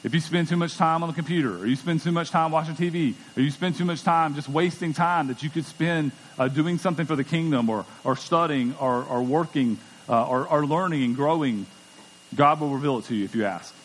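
A man's voice: on the high side, a little fast. A middle-aged man preaching a sermon as pastor, conversational and emphatic, often repeating words as he goes. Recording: long church hall reverb.

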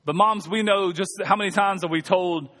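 A man's voice: high voice, moderate pace, fairly bright tone, in a large hall. A male pastor preaching a sermon in a conversational, humorous way, calling on the congregation to respond. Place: church sanctuary.

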